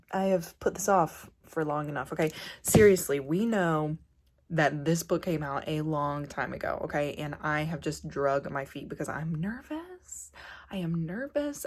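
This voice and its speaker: A young woman, chatting excitedly and rambling on a casual book vlog. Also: lowish voice. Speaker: book vlogger. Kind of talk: casual reading vlog chat.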